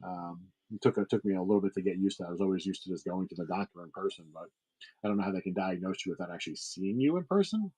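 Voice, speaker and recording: A man's voice: deep voice, expressive, racing, mellow, slightly rough, poor audio. A middle-aged man hosting a livestream sale, chatting casually with viewers, rambling with lots of fillers and restarts. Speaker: livestream seller host.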